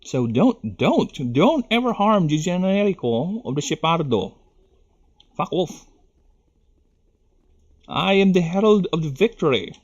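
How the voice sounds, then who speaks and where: A man's voice: a little high, sing-song, unhurried, long pauses, breathy edge, highs cut off, exaggerated voice. A man putting on a pompous savior of the universe. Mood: grandiose. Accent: Filipino. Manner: grandiose, declamatory. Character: pompous self-declared male savior of the universe.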